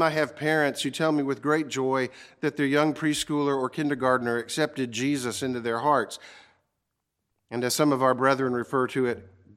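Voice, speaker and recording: A man preaching a sermon, earnest and emphatic, slowing down to stress key words. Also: medium pitch, fairly bright tone. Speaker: pastor.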